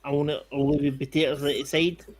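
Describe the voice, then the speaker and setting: A man from Scotland with a Scottish accent, bantering excitably in a casual live-stream chat. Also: on the high side, fast.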